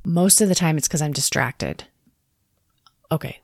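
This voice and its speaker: A woman in her thirties talking candidly about parenting and therapy in a relaxed podcast chat, reflective and quick to laugh. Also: sits low, vocal fry, no echo, clean studio sound. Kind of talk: casual podcast conversation.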